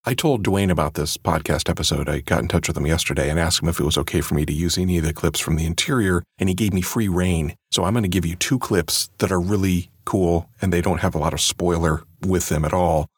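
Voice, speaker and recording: A man's voice: deep voice, quick pace, hardly any pauses, breathy edge, no echo, studio quality. A man who narrates audiobooks, talking casually and chattily on his own podcast. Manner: relaxed and chatty, with fillers.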